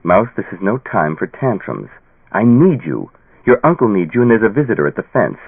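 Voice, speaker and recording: A man's voice: fairly low pitch, sing-song, quick pace, dry recording. A man voicing a tired, patient father pleading with his daughter in an audiobook. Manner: pleading, patient, sometimes stern. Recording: tinny phone-like dry sound.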